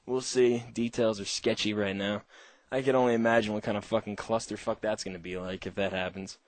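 A man's voice: fairly low pitch, fairly even intonation, fairly quick, no echo. Foul-mouthed rambling male show host. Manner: rambling, heavy swearing, frequent laughter. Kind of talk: casual profane monologue.

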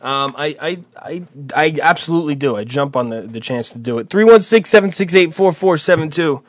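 A man's voice: a little high, animated, no room sound. A man hosting a call-in radio show, teasing his co-host and joking around in casual banter. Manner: teasing, quick to joke and laugh.

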